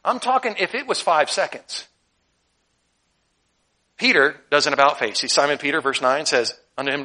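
A man's voice: a little high, moderate pace, pauses often. A man preaching a sermon, reading scripture and joking with laughing asides. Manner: humorous, animated, laughing asides. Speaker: pastor.

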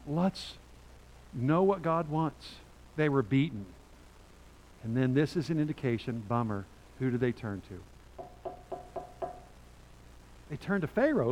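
An older man preaching a sermon to his church, animated and rising to loud peaks as he reads scripture aloud. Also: mid-range voice. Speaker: pastor. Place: church sanctuary. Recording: church hall with long reverb.

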